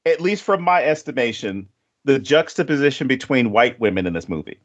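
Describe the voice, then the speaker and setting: A man hosting a podcast, talking casually and rambling a bit, turning animated when he retells what people said. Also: medium pitch, brisk, dull audio. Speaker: podcast host. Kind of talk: casual chat.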